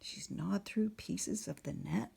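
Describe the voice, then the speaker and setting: A woman narrating a picture book at storytime, speaking softly and often slipping into a whisper, asking the listener questions. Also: medium pitch, slow pace, vocal fry, slightly rough. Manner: soft, often sliding into a whisper.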